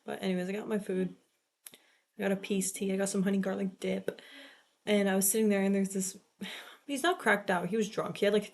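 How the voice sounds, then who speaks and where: A woman's voice: mid-range voice, gravelly, a little mellow. A young woman in her late teens chatting casually in a vlog, rambling and swearing, with lots of "like" filler. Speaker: vlogger. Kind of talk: casual chat.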